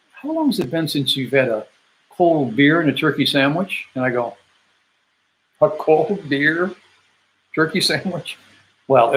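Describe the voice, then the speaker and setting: A man's voice: mid-range voice, slight background noise, low-quality recording. Older man telling a war homecoming story. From Grand Rapids, Michigan, USA. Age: 70s. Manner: rambling, acts out quoted dialogue, frequent fillers and restarts. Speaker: Vietnam veteran telling his story. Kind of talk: casual first-person storytelling.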